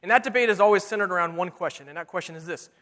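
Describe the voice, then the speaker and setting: Pastor, middle-aged man, high voice, emphatic sermon delivery, long church reverb. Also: pushed and bright. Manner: earnest, emphatic preaching with slow scripture readings.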